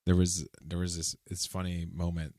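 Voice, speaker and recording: Young male podcast co-host, low pitch, dry close recording, animated storyteller. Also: normal speed, dry recording. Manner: animated storyteller, lively retelling. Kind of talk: casual chat.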